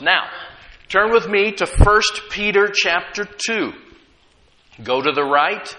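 A preacher with a somewhat high, bright and forceful voice delivers a sermon at an unhurried pace. He is emphatic, repeats key phrases and leads his congregation in call-and-response. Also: expressive.

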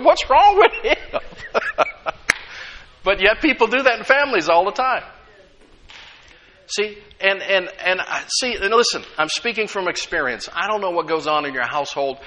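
A middle-aged man, preaching a sermon as a pastor, lively and full of laughs and acted-out voices. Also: on the high side.

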